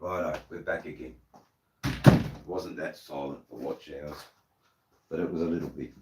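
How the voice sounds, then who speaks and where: A man's voice: extremely low pitch, normal speed, very noisy. An Australian man hosting a casual live stream, rambling and swearing freely as he chats with his viewers. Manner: rambling, swears freely, many "you know"s.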